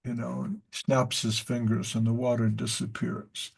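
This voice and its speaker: A man leads a devotional class at an unhurried pace, wandering through stories and asides. His voice is gravelly and husky. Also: mid-range voice, little pitch movement. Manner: rambling, with many fillers and asides. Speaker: teacher of a devotional study class.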